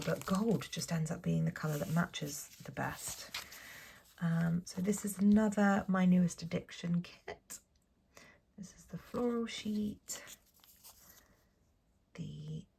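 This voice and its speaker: A young Englishwoman with a low, gravelly voice talks through a planner sticker haul. She gushes and says um a lot, and her voice often drops to a soft whisper. A faint hiss sits behind her. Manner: chatty, gushing, frequent ums and apologies. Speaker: planner vlogger. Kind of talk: casual sticker haul voice-over.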